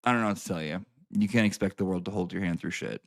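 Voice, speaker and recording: A man's voice: low-pitched, fast, gravelly. A man ranting to his viewers, sarcastic and full of swearing, repeating lines for emphasis. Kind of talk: profane sarcastic rant to camera.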